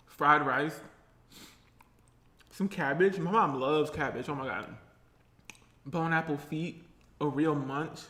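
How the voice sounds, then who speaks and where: A man's voice: on the high side, unhurried, pauses often, bright, forceful tone, echoey room. A man chatting playfully and sassily in a casual eating vlog. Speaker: vlogger.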